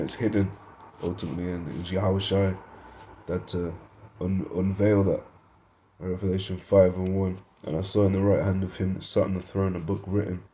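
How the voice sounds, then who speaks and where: A Bible teacher with a deep, warm voice leads an informal lesson, reading verses and word definitions aloud. He thinks aloud and corrects himself along the way.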